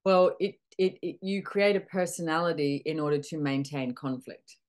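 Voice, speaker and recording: A middle-aged woman with a low voice hosts a candid coaching conversation. She talks animatedly, acting out little back-and-forth dialogues and swearing casually. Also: moderate pace, a little mellow. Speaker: podcast host and facilitator.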